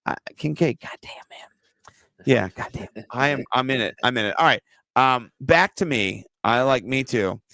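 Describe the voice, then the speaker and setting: A man co-hosting a casual fantasy football show, joking and swearing through lively banter. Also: medium pitch, moderate pace, dry recording. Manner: joking, profane, animated banter. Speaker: podcast co-host.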